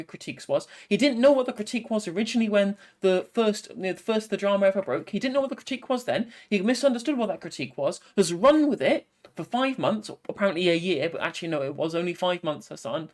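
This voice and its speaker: A commentator in a played video, criticizing assertively and pointedly. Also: medium pitch.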